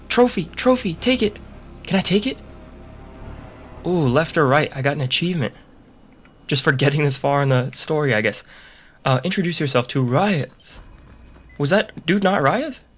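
A man's voice: on the high side, sing-song, moderate pace, pauses often, faint music behind. Young male gamer, loose and profane, jokey running commentary. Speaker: let's play gamer. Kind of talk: casual gameplay commentary.

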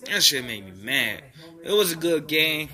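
Heated, profane Philly sports fan. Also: male voice, on the high side, big pitch swings, moderate pace, sharp tone. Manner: profane and heated, repeats himself. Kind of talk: angry fan rant.

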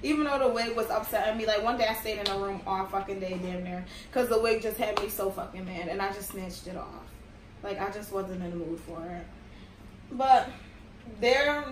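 A young woman with a somewhat high voice gives a casual wig review, complaining bluntly and profanely in exasperation. The background is noisy, and a distant mic picks up roomy sound with music behind her.

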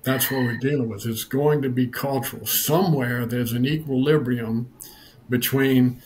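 A man's voice: medium pitch, steady tone, normal speed, a little mellow, a little hiss or hum. A man speaking as a podcast guest, talking in a folksy, storytelling way with frequent restarts and "you know.". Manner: folksy, repeats words, lots of "you know". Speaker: guest, lawyer assistance program director. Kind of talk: casual podcast conversation, storytelling.

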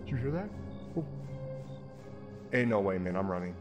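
A young man talks through a horror game, cracking jokes and muttering to himself, then yelping and swearing when it gets scary. His pitch swings widely from low mumbles to high-pitched shouts. Game music plays behind him. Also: big pitch swings, moderate pace. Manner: jumpy and jokey, swearing and talking to himself. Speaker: let's play host. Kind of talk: horror game playthrough commentary.

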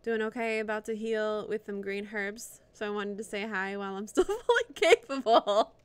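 A woman streaming live gameplay, swearing and reacting out loud to the game and chatting with viewers. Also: medium pitch, animated, normal speed, smooth, no echo. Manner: profane, reactive, talks to the game and chat.

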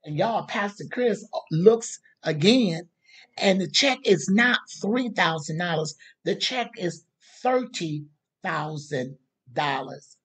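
Husky woman preaching a story. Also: on the low side, slow pace. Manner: animated storytelling, calls out to the congregation. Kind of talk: sermon storytelling.

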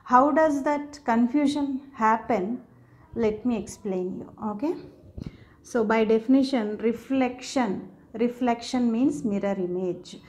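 A woman's voice: fairly high pitch, unhurried, darkish tone. A woman explaining grammar to viewers, patiently checking in with "okay?" as she goes. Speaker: English teacher.

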